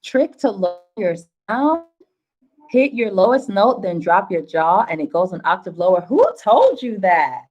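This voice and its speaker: A woman's voice: mid-range voice, sing-song, a little slow, highs cut off. A woman vocal coach with a Southern US accent, chatting casually on a livestream, laughing often and breaking into song now and then.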